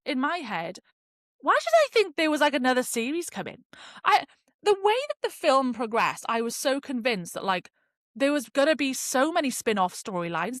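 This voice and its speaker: A woman's voice: on the high side, fairly bright tone, dry recording, clean studio sound. A woman hosting a podcast, chatting casually and expressively, with slang and swearing. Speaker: podcast host. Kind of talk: casual chat review.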